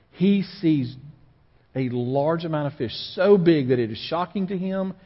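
A man preaching a sermon, reading a scripture passage aloud and then explaining it in a conversational tone. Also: on the high side. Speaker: pastor. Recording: dull sound with long reverb in a hall.

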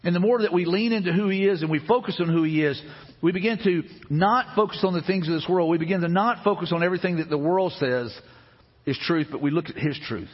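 A man's voice: high-pitched, fast talker, slightly rough, long reverb tail, dull audio. A man preaching a sermon as pastor in a church, earnest and repetitive, speaking prayers aloud. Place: church sanctuary.

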